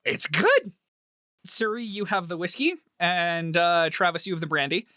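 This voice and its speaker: Guy game master narrating a tabletop game, bright voice, lots of pitch swings, dry close mic. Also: normal speed, no room sound. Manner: animated, laughs often while narrating.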